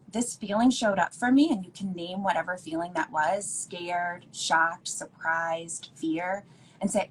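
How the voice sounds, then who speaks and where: A woman's voice: lowish voice, a little hiss or hum, rough recording. A woman speaking as an educator guest, earnest and emphatic, repeating points for stress over a video call. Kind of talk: casual conversational interview.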